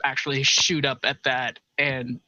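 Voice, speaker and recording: A man's voice: medium pitch, flat delivery, measured pace, bright, forceful tone, dry recording, highs cut off. A male tabletop game player, hesitant and thinking aloud about his character.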